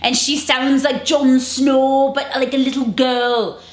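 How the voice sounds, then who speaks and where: A young adult woman co-hosting a movie review show, talking casually, full of fillers and quick restarts. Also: sits high, level tone. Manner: chatty, peppered with fillers and restarts. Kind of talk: casual chat. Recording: roomy echoey room.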